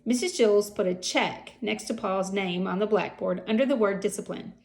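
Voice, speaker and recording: A woman reading a children's chapter book aloud with an expressive delivery. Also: medium pitch, normal speed. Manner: expressive, gravelly voice. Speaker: reader.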